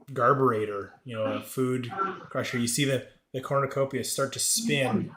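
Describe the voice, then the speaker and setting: A man narrating as game master of a tabletop game, halting often with fillers and restarts. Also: mid-range voice, a bit bright, echoey room, a little hiss or hum.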